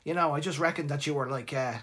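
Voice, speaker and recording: A man's voice: a little high, fairly even intonation, quick pace, a bit bright, slightly rough. A man voicing his blunt, teasing father, who mocks and lectures him in a matter-of-fact way. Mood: mocking.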